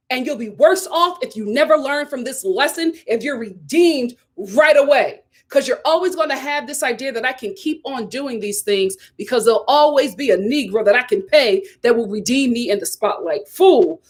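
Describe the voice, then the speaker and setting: A young adult woman, hosting a casual live-stream commentary and ranting in a sassy, animated way with laughs. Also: a little high, moderate pace. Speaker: host.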